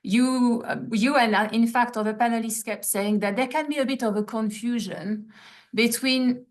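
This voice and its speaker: A woman moderating an online industry panel, polite and measured, with frequent fillers. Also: a little high.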